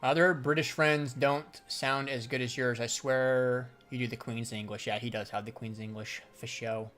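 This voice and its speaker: A man's voice: medium pitch, steady tone, moderate pace, a bit bright. A young adult man chatting casually on a livestream about trading and answering viewers. His talk is loose, slangy and profane, and he laughs often. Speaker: livestreamer and crypto trader.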